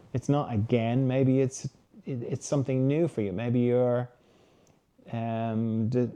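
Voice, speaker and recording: A man hosts a reflective solo talk, speaking gently and conversationally and now and then acting out the inner voices of his listeners. His voice is medium-pitched.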